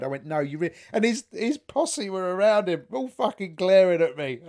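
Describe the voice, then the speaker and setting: A British man in casual podcast chat, his voice sitting fairly high and swinging widely in pitch. He talks in an animated way, laughs often and swears freely. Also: a little fast, few pauses. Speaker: podcast co-host.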